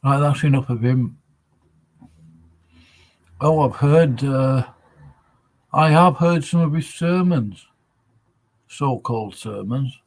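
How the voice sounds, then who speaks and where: Male streamer chatting alone on his channel, slow deliberate delivery, mid-pitched, pauses to look things up. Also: a little mellow. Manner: slow, rambling, thinks aloud with many pauses. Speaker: livestream host. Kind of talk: casual solo livestream chat.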